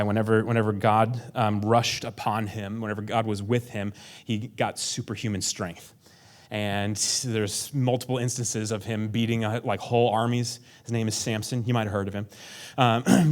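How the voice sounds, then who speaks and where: A man's voice: on the low side, darkish tone. A male pastor preaching a conversational sermon, acting out prayers in a raised voice and dropping to a near whisper for emphasis.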